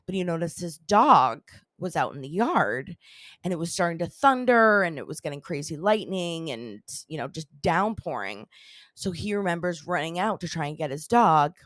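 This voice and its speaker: A lower-voiced woman hosting a chatty podcast tells a strange tale, meandering and filling her talk with "like" and "you know." Her voice sounds close and dry. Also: sing-song, moderate pace, fairly bright tone, no room sound. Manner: rambling, heavy use of "like" and "you know". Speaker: podcast host. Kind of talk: casual storytelling.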